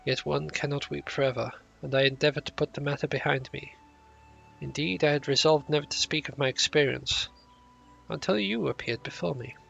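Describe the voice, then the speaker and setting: A man's voice: fairly high pitch, steady tone, brisk, creaky, a bit bright, breathy edge, dull audio, faint music behind, exaggerated voice. A man reading game quest lines aloud as a grieving, solemn servant who speaks in old-fashioned phrases. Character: grieving, solemn servant confessing a dark secret.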